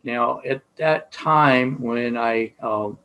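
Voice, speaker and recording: Rambling middle-aged auto instructor. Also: male voice, medium pitch, extremely slow, sharp tone, rough recording. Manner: rambling, many fillers and restarts. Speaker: automotive instructor. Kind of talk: casual teaching talk.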